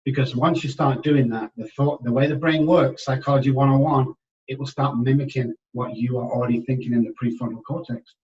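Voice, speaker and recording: A man in his sixties, a recovery expert guest on a podcast, telling his story candidly and emphatically, moving from hushed to loud. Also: mid-range voice, fairly even intonation, fairly quick. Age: 60s. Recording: dull, distant podcast audio.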